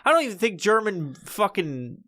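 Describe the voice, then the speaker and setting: Brief: male podcast host, slightly high voice, crude joking banter. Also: sing-song, moderate pace, pushed and bright, no room sound, studio quality. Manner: crude, profane, joking banter with frequent laughter. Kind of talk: casual chat.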